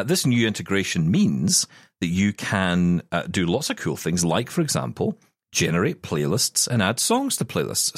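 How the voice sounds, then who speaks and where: A man's voice: low-pitched, slightly rough, no echo. A man co-hosting a tech podcast in casual chat, dry and self-deprecating, stumbling over restarts. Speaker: podcast co-host.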